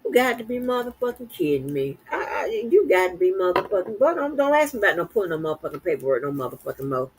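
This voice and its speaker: A middle-aged woman from Florida in casual, profane commentary, exasperated and swearing constantly as she swings from low mutters to high outbursts. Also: very animated, quick pace, few pauses, husky, poor audio. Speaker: streamer commenting on news.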